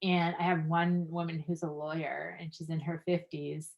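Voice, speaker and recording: An earnest woman coach speaking in a relaxed podcast conversation. Her voice sits on the low side for a woman, and she scatters "um" and "like" through her answers. She grows animated when recounting moments from her classes. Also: normal speed, creaky, muffled recording. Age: adult, practicing five years. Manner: earnest, many fillers, lively when telling anecdotes. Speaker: guest breathwork coach.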